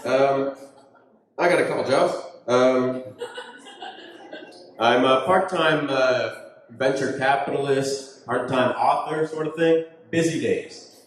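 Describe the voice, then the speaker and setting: A man's voice: medium pitch, slow, pauses often. A man hosting a comedy show, loose and rambling, swearing casually between acts. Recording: echoey hall with long reverb.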